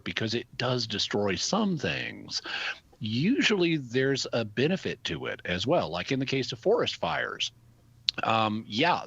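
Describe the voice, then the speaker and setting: Man, American, guest expert, low and forceful voice, dry slightly muffled studio sound, thoughtful explainer. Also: no room sound. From United States. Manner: thoughtful, explains at length with examples. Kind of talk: casual explanatory radio talk.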